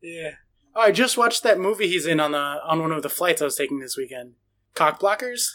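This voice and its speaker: Blunt, sweary man with a higher voice. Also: lively intonation, fairly quick, a bit bright. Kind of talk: casual chat.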